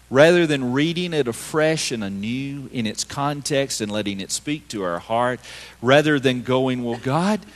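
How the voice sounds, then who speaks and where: Dynamic preacher in a reverberant sanctuary. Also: male voice, mid-range voice. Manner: emphatic, swinging between loud and hushed. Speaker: pastor. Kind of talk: sermon. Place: church sanctuary.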